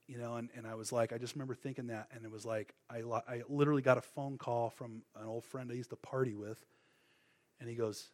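A man's voice: mid-range voice, steady tone, quick pace, a little mellow. A middle-aged man preaching, telling his testimony in a casual, rambling way full of fillers and restarts. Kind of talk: sermon with personal testimony.

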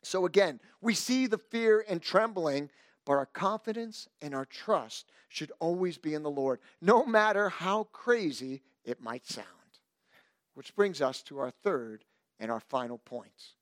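A man's voice: on the high side, a little slow, no room sound, clean studio sound. A male pastor preaching a sermon, reading scripture and adding playful asides. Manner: animated, playful asides, reads scripture aloud.

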